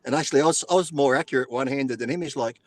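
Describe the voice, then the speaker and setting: A man's voice: medium pitch, racing, dry recording. A man telling profane, laughing stories as a guest in a casual podcast chat over a video call. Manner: profane storyteller, laughs between phrases.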